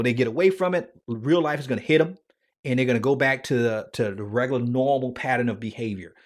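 A man hosting a faith podcast, earnest, often dropping to a hushed tone. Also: medium pitch. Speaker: podcast host.

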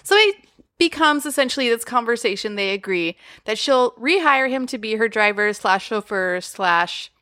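A young woman co-hosting a podcast, recapping a film in a bubbly, expressive way and often laughing. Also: fairly high pitch, normal speed, no room sound, studio quality. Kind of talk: casual chat recapping a film.

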